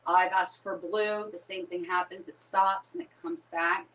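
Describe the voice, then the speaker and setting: A woman's voice: fairly low pitch, steady tone, unhurried, distant mic, slight background noise, rough recording. Uneasy woman ghost hunter, off-mic. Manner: shivering, hushed and uneasy, talking to camera. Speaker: paranormal investigator. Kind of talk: live paranormal investigation stream.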